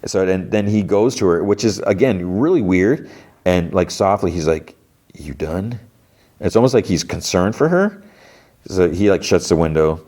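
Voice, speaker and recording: A man's voice: low voice, animated, moderate pace, warm tone. A male podcast host recapping a TV episode in a chatty way, full of fillers, acting out the dialogue.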